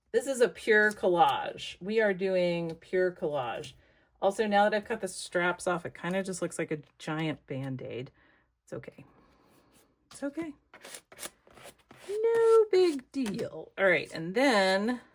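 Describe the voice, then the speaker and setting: A woman with an American accent, chatting casually to her viewers while she makes a collage, thinking out loud as she works. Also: lowish voice. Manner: chatty, thinks aloud, talks to viewers as y'all. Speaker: craft vlogger. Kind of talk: casual crafting chat to camera.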